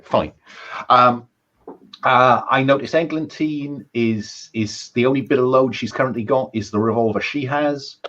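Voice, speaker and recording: Man, game master, husky voice, hesitant with ums, dull lo-fi online call sound. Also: mid-range voice, fairly bright tone. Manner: hesitant, many ums and restarts. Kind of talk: narrating a tabletop game.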